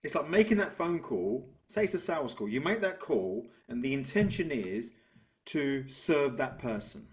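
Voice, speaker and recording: A man, a business coach talking through ideas and telling stories in a relaxed interview. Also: medium pitch, moderate pace. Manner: reflective, tells stories to make a point. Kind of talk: conversational interview.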